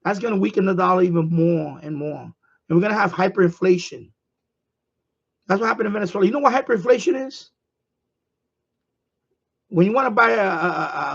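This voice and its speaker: A man's voice: sits high, gravelly, a bit bright, husky, highs cut off. A man ranting on his live stream, profane and heated, repeating himself.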